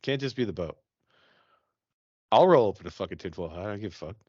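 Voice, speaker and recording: A man co-hosting a podcast in casual banter, animated and emphatic, swearing often. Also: lowish voice, fast talker, dry recording, highs cut off. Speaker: podcast co-host.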